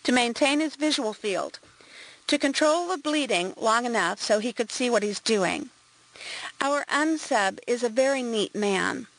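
Woman reading a calm, clinical medical examiner. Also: fairly high pitch, unhurried, rough recording.

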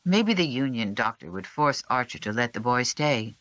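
An audiobook narrator reading a historical novel in a measured, even storytelling voice. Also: medium pitch, dry recording. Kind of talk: scripted narration.

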